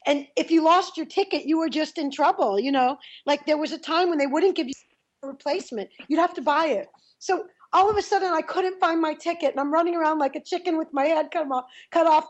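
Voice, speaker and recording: A woman co-hosting a talk radio show, sharing quick anecdotes with a laugh. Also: high-pitched. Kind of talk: casual radio chat.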